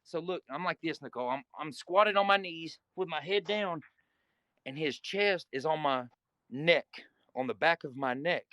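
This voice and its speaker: A man's voice: a little high, normal speed, a bit bright, dry recording. A man with a slightly raised voice tells a gritty story in a loose, profane way and acts out the scenes. His voice sounds very dry and close, with no room behind it. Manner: vivid, profane, re-enacts scenes. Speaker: guest. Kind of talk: casual storytelling.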